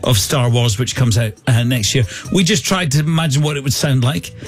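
A man's voice: medium pitch, brisk, soft background music. A man hosting a breakfast radio show, chatting jokily and laughing often. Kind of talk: casual radio chat.

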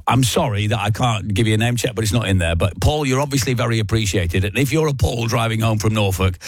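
A man's voice: fairly low pitch, quick pace, no echo. A man presenting live radio, reading out listener messages in a chatty, self-mocking way and chuckling often. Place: radio studio.

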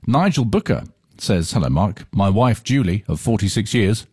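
Husky-voiced rock radio DJ man. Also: lowish voice, moderate pace, dry recording, clean studio sound. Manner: chatty, animated, reads messages aloud with asides. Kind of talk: rock radio presenting, reading listener messages. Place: radio studio. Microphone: studio microphone.

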